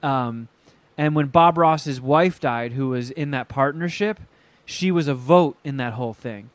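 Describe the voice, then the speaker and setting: A man in casual podcast chat, telling stories in a profane, animated way and acting out quotes. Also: mid-range voice, measured pace, dry recording.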